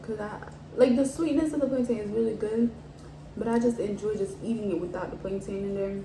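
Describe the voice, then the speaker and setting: A woman's voice: mid-range voice, a little fast. A woman in a casual chat while eating on camera, explaining things step by step with lots of "like"s. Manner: relaxed, explains step by step with many "like"s. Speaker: mukbang co-host. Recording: echoey room, mic at a distance, faint background hiss.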